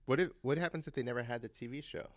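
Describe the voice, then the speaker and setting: A man's voice: mid-range voice, rapid-fire, no room sound. A man co-hosting a podcast in casual chat, joking in playful banter. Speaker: podcast co-host.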